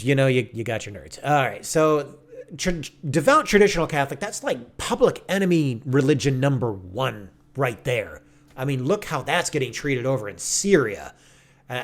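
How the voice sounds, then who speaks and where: A man giving casual video commentary with an animated, sarcastic and preachy manner. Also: medium pitch. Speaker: online commentator.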